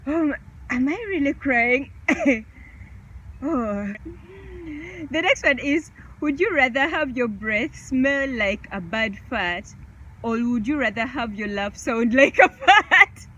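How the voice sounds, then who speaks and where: A woman's voice: high voice, expressive, takes it slowly, pushed and bright, muffled recording, a little hiss or hum. A woman vlogger chatting casually through a question game, laughing often.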